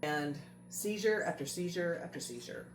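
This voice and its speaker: A woman's voice: fairly low pitch, moderate pace, a little hiss or hum. A woman host telling a family story in a casual chat, earnest and repeating phrases for emphasis. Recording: roomy echo with faint music.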